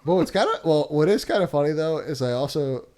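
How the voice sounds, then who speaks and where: A man's voice: fairly high pitch, lively intonation, fast, darkish tone. A man who is a comedian guest on a podcast, telling a story in a rambling way and laughing between sentences. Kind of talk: casual podcast chat.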